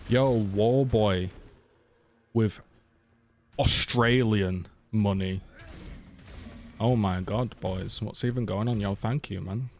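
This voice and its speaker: A man's voice: lowish voice, slow pace, pauses often, slight background noise. A young man chatting casually on a game live stream, swearing freely and thanking viewers for donations.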